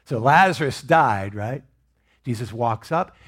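A male pastor delivers a sermon with a husky, slightly rough voice at an ordinary pitch. He swings between raised, emphatic lines and quiet, nearly whispered asides. His delivery is expressive and conversational. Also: a little slow, long pauses.

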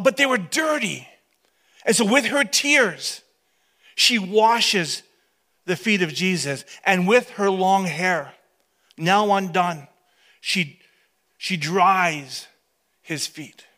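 A pastor in his fifties telling a story from the pulpit, his voice pitched high and ringing bright. He acts the story out dramatically, often dropping to a near hush for effect. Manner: animated, dramatic storytelling that drops to hushed tones. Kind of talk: storytelling sermon.

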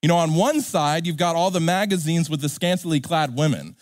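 A pastor preaching a sermon in an animated, joking way, acting out characters. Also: male voice, fairly high pitch, brisk, no echo, studio quality.

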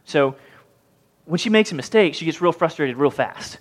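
A pastor preaching a sermon, animated and questioning his congregation. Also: fairly high pitch, brisk. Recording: long hall reverb.

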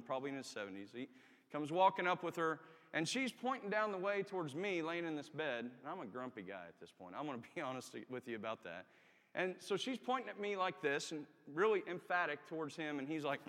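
A chaplain delivers a testimony sermon with earnest candor, pushing up emphatically on key lines. His voice sits somewhat high for a man. A long church reverb trails behind every phrase. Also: a bit bright. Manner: earnest, candid storytelling with emphatic rises. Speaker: army chaplain preaching.

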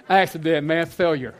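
High-voiced animated preacher. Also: male voice. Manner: animated storytelling, shifting from hushed to shouting. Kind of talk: sermon.

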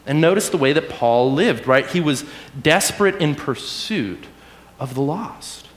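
A man's voice: a little high, animated, unhurried, reverberant. A man preaching a casual sermon, talking conversationally and tagging his points with "right?". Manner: conversational, keeps asking "right?".

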